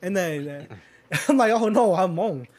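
A young man with a high, expressive voice talks a little slowly in casual conversation. His long, rambling anecdote is stuffed with fillers and swearing, and he chuckles throughout.

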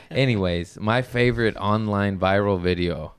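A man co-hosting a casual comedy chat, telling animated stories and breaking into high voices when he quotes people. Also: moderate pace, clean tone, no echo. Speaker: podcast co-host, comedian.

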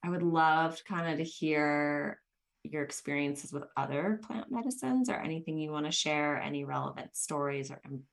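Low, gravelly-voiced woman podcast host. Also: normal speed. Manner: earnest, reflective, storytelling. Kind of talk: casual podcast conversation.

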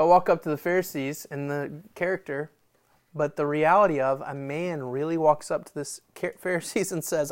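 A man's voice: fairly high pitch, fairly even intonation, moderate pace. A man preaching a sermon in a loose, conversational storytelling manner. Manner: conversational, storytelling with voiced quotes and laughs. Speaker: pastor.

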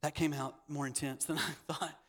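A man preaching a sermon as pastor, leading the congregation in repeated declarations and swinging from hushed asides to loud, emphatic lines. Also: a little high, flat delivery, moderate pace. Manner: leads call-and-response repetition. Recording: long hall reverb.

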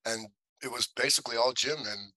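A man's voice: medium pitch, fairly even intonation, a little fast, pushed and bright, no room sound, poor audio. A man, an actor as interview guest, telling stories in rambling talk with many restarts and acted-out quotes. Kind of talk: casual interview storytelling.

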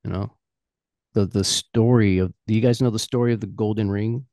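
A man's voice: on the low side, normal speed, dry recording, studio quality. A man in a casual podcast chat, telling a story with lots of acted-out dialogue. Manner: animated storyteller acting out quoted characters. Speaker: podcast guest.

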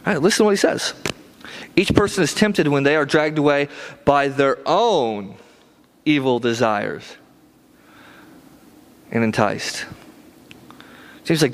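A man's voice: medium pitch, animated, measured pace, pauses often, poor audio. A man preaching a sermon in a casual, conversational way, repeating phrases for emphasis and often asking "right?" to check in with listeners. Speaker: pastor.

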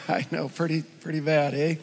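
A man preaching a sermon as a pastor, telling a joke in a conversational, lively storytelling way. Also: on the high side, moderate pace, vocal fry, in a large hall, slight background noise.

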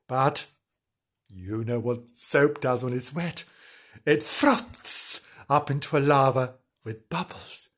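A storyteller reading a children's story casually, breaking off for wry asides and self-corrections, in a slightly husky voice. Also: medium pitch, takes it slowly.

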